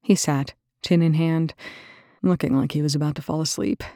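A woman with a gravelly, husky voice reading a story aloud as narrator. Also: low-pitched, steady tone, normal speed, warm tone, no echo, clean studio sound. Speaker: audiobook narrator. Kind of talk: reading fan fiction aloud.

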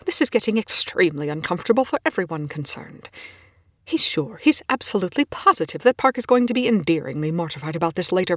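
A woman reads a story aloud in a husky, low-pitched voice. Her pitch swings lively and she often drops into whispers for emphasis. The recording is close and dry. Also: no room sound. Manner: expressive, swearing, dropping to whispers. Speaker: reader. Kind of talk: fan fiction read aloud.

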